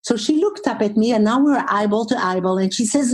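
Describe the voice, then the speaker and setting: A woman, a relationship therapist, telling a story as an interview guest, expressive and slowing down for emphasis. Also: fairly high pitch, low-quality recording.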